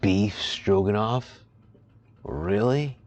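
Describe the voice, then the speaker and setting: A man's voice: on the low side, drawn-out words, vocal fry, a little mellow, lo-fi sound. A young man giving casual, amused let's play commentary, thinking aloud as he plays. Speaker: gaming video host. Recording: home mic with faint hiss.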